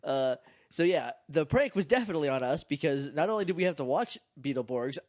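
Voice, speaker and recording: A man's voice: fairly high pitch, expressive, fairly quick, a little mellow, dry recording, clean studio sound. A man co-hosting a casual podcast, a little nasal and stuffed up, rambling and laughing often. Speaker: podcast co-host. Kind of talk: casual chat.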